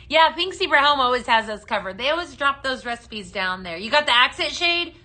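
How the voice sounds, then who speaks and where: A woman's voice: sits high, lively intonation, fairly quick, few pauses, pushed and bright. A woman hosting a daily live-selling stream for home fragrance, chatting casually and greeting viewers by name as she mixes blends. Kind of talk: live shopping stream chat.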